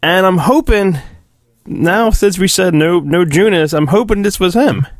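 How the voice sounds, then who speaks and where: A man hosting a podcast, relaxed and casual, laughing easily and swearing offhandedly. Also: high voice, unhurried, dry recording, studio quality. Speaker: podcast host.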